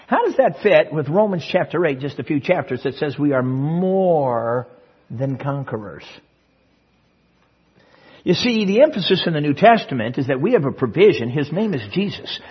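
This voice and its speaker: A male preacher giving an emphatic sermon, swinging from hushed asides to loud proclamation, with a husky voice. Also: fairly high pitch, very animated, moderate pace. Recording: dull lo-fi sermon recording.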